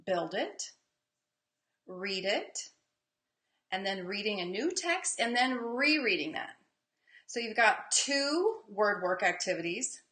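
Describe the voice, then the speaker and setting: Woman, reading teacher for a live online lesson, bright voice, lively, stretches out sounds, echoey room. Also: mid-range voice. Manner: energetic, emphasizes sounds slowly.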